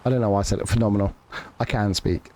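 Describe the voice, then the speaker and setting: A man's voice: fairly low pitch, racing, a little mellow, slight background noise. A man live-streaming a farming game, chatting casually to viewers with jokes, swearing and lots of restarts. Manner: joking, sweary, rambling with restarts.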